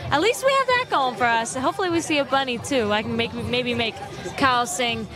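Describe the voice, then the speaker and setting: A woman's voice: sits high, expressive, a little fast. A young woman giving a bubbly, giggly sideline report at an outdoor ballpark. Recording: outdoor ballpark with crowd and music. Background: crowd and music.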